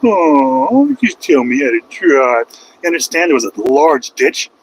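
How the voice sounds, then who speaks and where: A man's voice: mid-range voice, expressive, measured pace, a little hiss or hum, rough recording. A man driving a truck who livestreams to his chat and answers critics with sarcastic, mocking remarks. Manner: sarcastic, mocking, heckles critics in a put-on whiny voice. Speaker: truck driver vlogger. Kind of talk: live-stream rant to chat. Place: inside a truck cab on the road.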